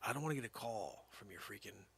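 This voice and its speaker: A man doing a rambling stand-up comedy monologue, switching between hushed asides and loud silly voices. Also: lowish voice, animated, fast, creaky, breathy edge. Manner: goofy, jumps between whispers and loud silly character voices; rambling and playful.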